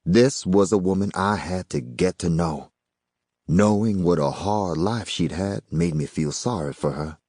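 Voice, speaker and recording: Deep-voiced man narrating an audiobook. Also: unhurried, dry recording, clean studio sound. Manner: expressive, storytelling delivery. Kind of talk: first-person audiobook narration.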